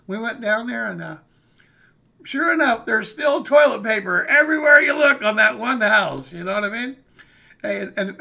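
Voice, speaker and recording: An older man tells a story in a rambling, folksy way, his voice pitched high and bright with a gravelly rasp. He is in his sixties, and he chats straight to his live-stream viewers. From California, USA. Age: 60s. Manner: folksy, rambling, calls listeners "man" and "hey". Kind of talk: casual storytelling.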